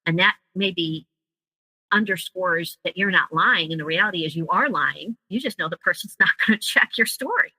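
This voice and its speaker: This woman has a lowish voice, pushed and bright with a breathy edge, at a normal speed. The recording is rough, with no room sound. She tells her own story as an interview guest, emotionally and vividly, acting out other people's words.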